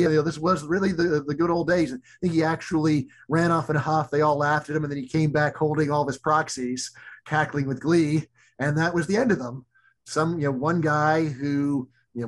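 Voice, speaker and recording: A middle-aged man, an economist guest, talking casually in an interview with many restarts and fillers. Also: fairly high pitch.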